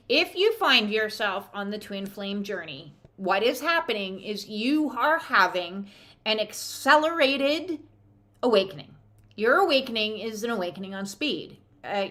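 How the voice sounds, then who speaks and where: A woman with a fairly high voice reads oracle cards for her viewers. She talks casually, filling gaps with "uh". She slips into dramatic voices to act out what people say. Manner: animated, acts out quotes with dramatic voices; conversational with frequent filler uh. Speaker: oracle card reader. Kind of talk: spiritual card reading to camera.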